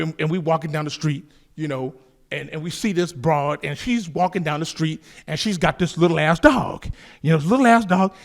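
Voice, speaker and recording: Raspy high-voiced guy from so cal telling a wild story, swears a lot, cracks himself up. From Southern California. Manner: animated, profane, laughs at his own story. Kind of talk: casual story told to camera.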